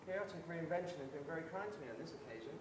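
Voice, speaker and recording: A man's voice: on the high side, lively intonation, natural voice. A man playing a vain, cheery time traveller, heard far off. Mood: delighted. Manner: pleased with himself, quick asides. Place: outdoors in a city street. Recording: distant echoey outdoor take with loud street noise.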